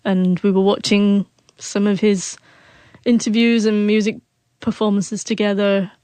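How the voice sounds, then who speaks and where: A woman in her forties tells her story as an interview guest, and her stutter catches on the first sounds of words. Her voice sits at a middle pitch. The recording is dry and close. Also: little pitch movement, unhurried, warm tone, smooth, dry recording. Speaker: author and guest.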